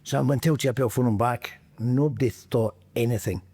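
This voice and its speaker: A man's voice: medium pitch, brisk, husky. A middle-aged man with a Scottish accent tells anecdotes in a loose, chatty way. He jumps into other people's voices and breaks into laughter as he goes. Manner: animated anecdotes, acts out quotes, laughs often. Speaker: podcast guest, former footballer. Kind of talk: casual storytelling chat.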